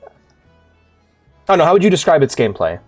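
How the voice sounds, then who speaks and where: A young man giving casual, excitable gameplay commentary, swearing freely and laughing often. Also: on the high side, quick pace, husky, soft background music. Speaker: streamer.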